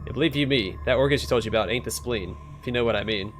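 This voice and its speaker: A man's voice: medium pitch, rapid-fire, close to an everyday voice. A man voicing a crude, screechy talking organ that taunts its shy host in a game. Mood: taunting. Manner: lewd, taunting.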